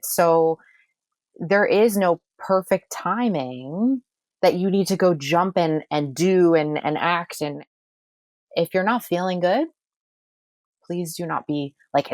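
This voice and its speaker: A woman's voice: low-pitched, no room sound. A woman who is a manifestation coach and astrologer, talking emphatically in a casual podcast conversation and repeating phrases for effect.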